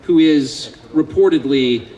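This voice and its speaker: American guy giving a speech to a crowd, kinda high voice, dry jokey tone that keeps getting worked up. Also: takes it slowly, dark tone, poor audio. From United States. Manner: sardonic, joking, increasingly impassioned. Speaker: invited speaker. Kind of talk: public speech to a live audience.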